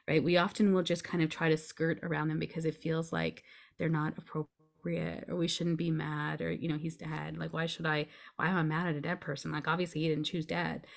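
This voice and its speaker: A woman's voice: sits low, flat delivery, fairly quick, creaky. A woman guest on a podcast, explaining emotions earnestly and reassuringly, often checking in with her listener. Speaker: podcast guest, grief coach. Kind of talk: conversational explaining.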